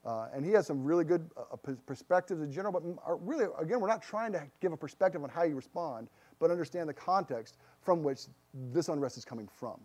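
A middle-aged man delivers a sermon in an earnest, emphatic way. His voice is mellow and warm and sits a little high for a man. He moves between forceful declarations and quiet, hushed asides. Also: animated, quick pace. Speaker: pastor.

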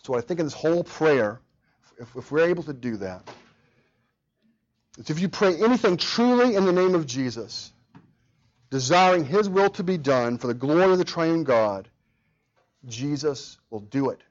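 A man's voice: on the high side, expressive, normal speed, pauses often. Earnest male preacher, lo-fi sound. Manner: earnest, repeats words, acts out quoted prayers. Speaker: pastor. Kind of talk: sermon.

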